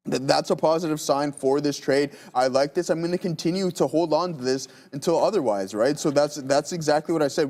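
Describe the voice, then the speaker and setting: A man's voice: fairly high pitch, a little mellow. A man hosting a live trading stream, giving casual, upbeat commentary on charts and positions to viewers. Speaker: trading show host.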